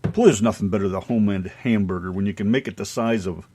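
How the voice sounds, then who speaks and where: A man co-hosting a casual radio talk show, animated and joking crudely. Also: fairly low pitch, fast talker, a little hiss or hum. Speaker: co-host.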